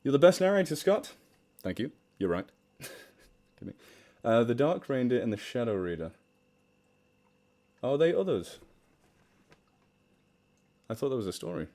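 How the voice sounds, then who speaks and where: A man's voice: mid-range voice, sing-song, a little slow, pauses often, warm tone. A British man with a mixed British-American accent, hosting a casual charity livestream from home. He chats, laughs often, pokes fun at himself and reads viewer comments aloud. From United Kingdom. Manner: chatty and self-deprecating, laughs often, reads chat aloud. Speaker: charity livestream host and story narrator. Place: home room with fish tank near the mic. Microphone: desktop microphone.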